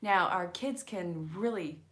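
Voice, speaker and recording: A woman with a fairly low voice runs a casual live stream as an angel card reader. She talks in an excited, chatty way, turns often to her viewers, and laughs easily. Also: slow pace.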